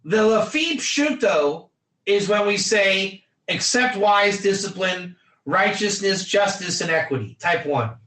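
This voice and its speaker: A man's voice: high-pitched, animated, a little slow, bright, forceful tone, reverberant. A man teaching a Torah class in an emphatic, repetitive lecture style, quizzing his students by name.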